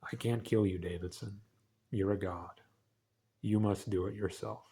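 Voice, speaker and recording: A man reading aloud as a calm, solemn male alien forest leader, slow and measured. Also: on the low side, husky.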